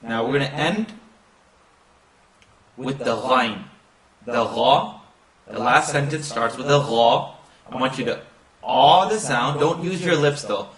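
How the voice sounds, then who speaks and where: A man's voice: mid-range voice, fairly bright tone, roomy sound, distant mic. A man teaching pronunciation of a recited text, drawing out each syllable and chanting phrases as he demonstrates. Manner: slow drawn-out demonstration of sounds, chanting recitation. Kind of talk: pronunciation lesson.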